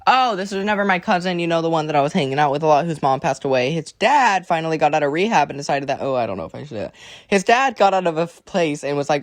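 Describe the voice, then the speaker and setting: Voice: mid-range voice, expressive, rapid-fire. A teenager from Alabama doing a draw-my-life storytime, chatty and rambling, swearing often and distracted while drawing. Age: teens. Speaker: creator.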